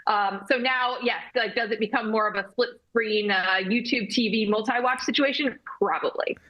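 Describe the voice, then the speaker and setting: A woman sports reporter appearing as a guest, giving energetic analysis with frequent fillers. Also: fairly high pitch, normal speed, dull audio. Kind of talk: sports talk interview.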